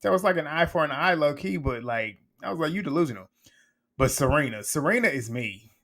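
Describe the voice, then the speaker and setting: A man's voice: on the high side, lively intonation, fairly quick, a bit bright. Blunt, chatty man recapping a show. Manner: chatty and blunt, swears freely, laughs often, acts out quotes. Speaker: reality TV recap reviewer. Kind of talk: casual episode recap commentary.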